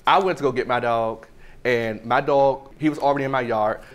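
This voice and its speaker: A man's voice: mid-range voice, steady tone, a little fast. A young man, a defendant on a TV court show, defending himself in casual speech. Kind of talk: testimony in a TV courtroom.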